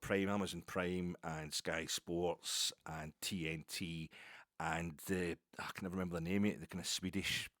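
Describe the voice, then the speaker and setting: A middle-aged Scottish man with a very low voice tells a long story in a rambling, self-deprecating way, tripping over repeated words. The recording is dry and close, with no room sound. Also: dry recording. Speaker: podcast host. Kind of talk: casual storytelling monologue.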